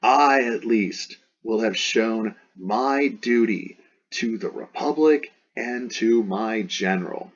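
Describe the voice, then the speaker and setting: A man's voice: on the low side, animated, normal speed, vocal fry, husky, highs cut off, full character voice. A man reading the lines of a brave, defiant Roman eagle-bearer who rouses hesitant soldiers. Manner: rousing, scornful toward the hesitant.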